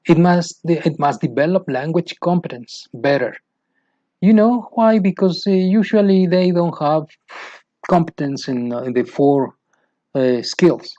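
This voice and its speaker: A man's voice: on the high side, a little slow, dark tone. A man with a Mexican Spanish accent, a native Spanish speaker, lecturing teachers in English, restarting phrases and asking rhetorical questions. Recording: dull lo-fi sound.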